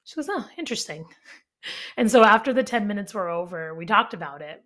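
A young adult woman and life coach talking casually on her solo podcast, chatty and animated, full of fillers and acted-out quotes. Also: mid-range voice, fairly quick.

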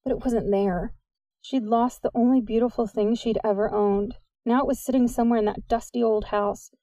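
A woman reads a novel aloud in a steady, lightly expressive manner. Her voice is mellow and warm, close on the mic in a dry, dead room. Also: on the high side, normal speed, no echo. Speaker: audiobook narrator. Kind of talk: scripted narration.

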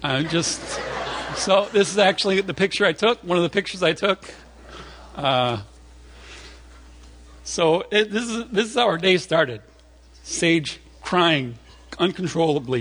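A male pastor telling a story from the pulpit with a lively, swooping delivery and a fairly high voice. He is chatty and animated, stumbles through restarts and fillers, and acts out the voices in his story. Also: unhurried, long pauses, husky. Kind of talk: storytelling sermon.

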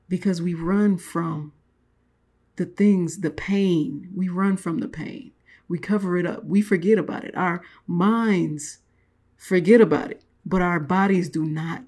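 Slow, low-voiced woman speaking on spirit. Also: warm tone. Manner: slow and reflective, repeats and restates words. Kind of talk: spiritual motivational talk.

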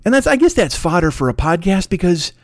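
A man's voice: sits high, big pitch swings, fairly quick, no echo. A middle-aged man hosting his own podcast alone, ranting in a rambling, profane, self-mocking way. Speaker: podcast host. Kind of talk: solo podcast monologue.

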